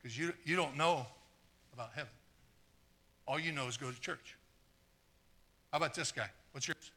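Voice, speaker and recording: A man preaching a live sermon, earnest and stumbling over repeated words, trading jokes with the congregation and swinging from quiet asides to fired-up exclamations. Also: medium pitch, normal speed. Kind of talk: live sermon with audience volunteers.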